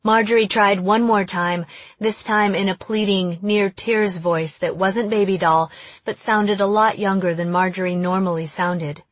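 A woman narrating an audiobook in a steady storytelling voice. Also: mid-range voice, unhurried, no room sound. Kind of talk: scripted narration.

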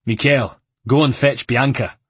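A man voicing a brisk, commanding Venetian man in his late thirties tending a wound. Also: mid-range voice, steady tone, a bit bright, husky, no room sound, pitched above the performer's own voice. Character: brisk commanding man, gang leader's healer.

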